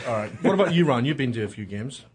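A man co-hosting a casual chat, brisk and asking questions. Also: medium pitch, expressive, husky.

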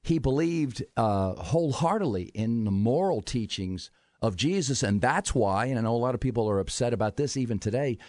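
A man's voice: medium pitch, animated, a little mellow, dry recording. Man explaining history in a dry studio. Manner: explanatory, measured, builds points with rhetorical questions. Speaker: historian guest. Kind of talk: radio talk show discussion. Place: radio studio.

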